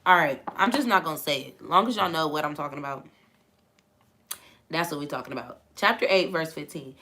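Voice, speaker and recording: Woman, gravelly low voice, laid-back livestream Bible chat with viewers. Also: animated, brisk, bright, forceful tone. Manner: laughing, chatty, reads viewer comments aloud. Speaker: livestream host reading the Bible. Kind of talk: casual live chat with viewers.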